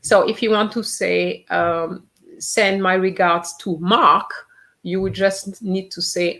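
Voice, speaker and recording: Slow, patient woman teacher. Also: medium pitch, steady tone, gravelly, fairly bright tone. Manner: patient, repeats each phrase slowly to model pronunciation. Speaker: French teacher. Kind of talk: live online language lesson.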